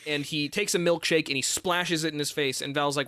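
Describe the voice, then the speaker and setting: A man's voice: a little high, fairly even intonation, fairly quick, pushed and bright, dry recording, studio quality. A man co-hosting a podcast, casually recapping a film with jokes and mock quotes. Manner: laid-back, joking, fond of mock-quoting characters. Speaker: podcast co-host.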